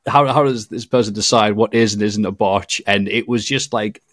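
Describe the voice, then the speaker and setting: A man's voice: lowish voice, moderate pace, no room sound, studio quality. A man telling stories in a casual podcast chat, acting out quotes with bursts of laughter. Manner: animated storytelling with voiced quotes and laughs. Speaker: podcast guest, video maker.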